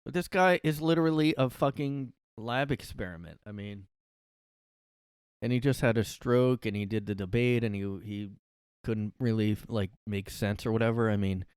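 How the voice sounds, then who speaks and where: Smooth-voiced man ranting on his podcast. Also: fairly low pitch, moderate pace, a little mellow, no echo, studio quality. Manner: profane, rambling, sarcastic. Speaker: podcast host. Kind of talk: solo comedy podcast rant. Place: his own room.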